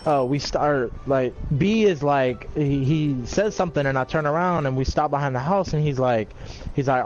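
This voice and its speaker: A man's voice: a little high, moderate pace, a little mellow, lo-fi sound. Man telling a rambling, profane story. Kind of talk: casual chat.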